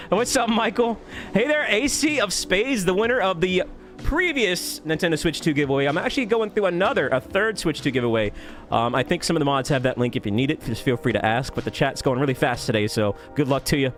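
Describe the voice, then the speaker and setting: A man streaming live, cheerfully greeting viewers by name and thanking them with quick laughs. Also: a little high. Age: adult. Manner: upbeat, rapid shout-outs with laughs. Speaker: YouTube streamer.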